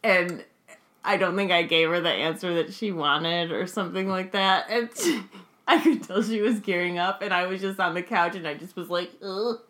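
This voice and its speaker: A woman's voice: fairly low pitch, moderate pace, a bit bright, slight background noise. A woman co-hosting a casual movie-recap chat, giggly and rambling with many fillers. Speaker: podcast co-host.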